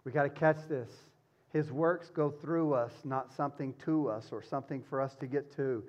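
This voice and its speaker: A man preaching a sermon as pastor, swinging from loud urgency to hushed tenderness. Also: medium pitch, moderate pace, muffled recording.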